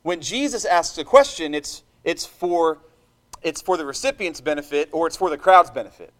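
A man with a noticeably high voice preaches a sermon from the pulpit. His delivery is impassioned and emphatic, and he turns to his congregation for a response. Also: animated, normal speed, a bit bright.

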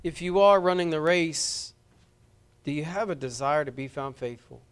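A man's voice: fairly high pitch, moderate pace, clear, resonant tone. A man preaching a sermon as pastor, earnest and impassioned, appealing directly to his congregation.

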